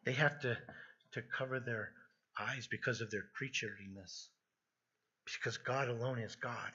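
A man's voice: medium pitch, fairly even intonation, moderate pace, bright, forceful tone, breathy edge, highs cut off. A man preaching an earnest expository sermon, emphatic and prone to restarting his phrases. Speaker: pastor.

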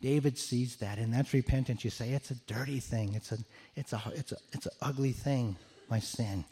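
A male pastor preaching a sermon. His voice is mellow and low in brightness, with a medium pitch. He speaks earnestly and often repeats words as he restarts his thoughts. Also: normal speed, slightly rough.

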